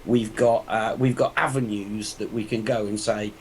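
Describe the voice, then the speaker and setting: A man's voice: fairly low pitch, fairly even intonation, normal speed, few pauses, a little mellow, a little hiss or hum, rough recording. Blunt, ranting man. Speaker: panel guest. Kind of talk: casual panel chat.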